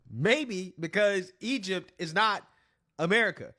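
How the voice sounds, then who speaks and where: High, bright-voiced male commentator. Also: expressive, moderate pace. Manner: blunt, laughs between phrases, swears freely. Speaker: commentary channel host. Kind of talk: reaction commentary.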